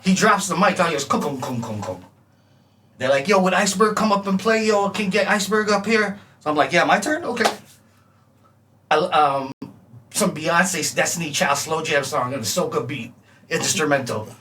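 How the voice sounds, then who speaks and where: Animated, bright-voiced man telling stories. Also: a little high, moderate pace. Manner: animated, laughing storyteller, acts out scratches and vocal lines. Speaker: music producer guest. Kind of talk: casual storytelling chat. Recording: distant mic with faint ambient noise.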